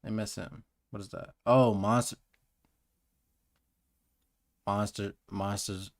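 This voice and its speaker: A man's voice: on the low side, fairly even intonation, moderate pace. A man reacting on a live stream, joking and talking to his chat in casual slang. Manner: joking, talks to chat with "bro".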